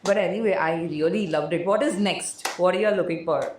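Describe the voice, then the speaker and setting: A woman's voice: on the low side, fairly quick, a little mellow, reverberant, a little hiss or hum. A woman hosting a podcast, talking in a loose, rambling way. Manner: rambling, many fillers, laughs often. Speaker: podcast host. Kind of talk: casual interview chat.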